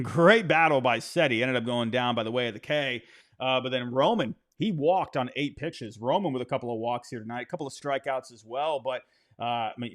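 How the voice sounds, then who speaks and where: A man giving a loose, chatty baseball game recap and betting pitch, with frequent fillers and restarts.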